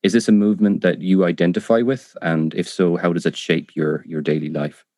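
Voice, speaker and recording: A man's voice: sits low, fairly even intonation, fairly quick, a little mellow, dry recording, studio quality. A man who speaks English as a second language, hosting an interview in a hesitant, enthusiastic way with many ums. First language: not English. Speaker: podcast host. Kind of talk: casual interview talk.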